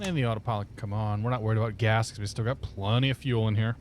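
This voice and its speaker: A man's voice: on the low side, fairly even intonation, racing, darkish tone, slight background noise. A man chatting casually on a live stream, laughing often and talking through his cockpit steps. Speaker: flight sim streamer.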